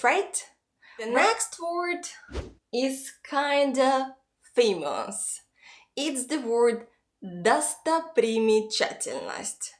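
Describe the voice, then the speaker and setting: Slow, careful woman teaching pronunciation. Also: fairly high pitch, fairly bright tone. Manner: slow, careful, clearly spelling out sounds. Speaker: Russian language teacher. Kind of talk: pronunciation lesson.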